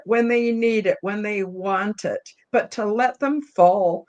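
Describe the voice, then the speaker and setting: A middle-aged woman on a spiritual panel, her voice emotional and close to tears. She talks from the heart in a middle pitch, apologizing now and then and leaning on soft fillers as she speaks. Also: a little slow, few pauses. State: tearful, emotional. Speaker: panel guest.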